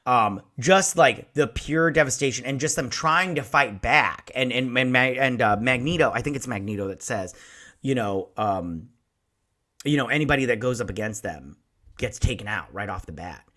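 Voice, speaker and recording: A man in his forties hosting a casual episode review, excitable and rambling, with a lot of swearing. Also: medium pitch, moderate pace. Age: 40s. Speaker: show host.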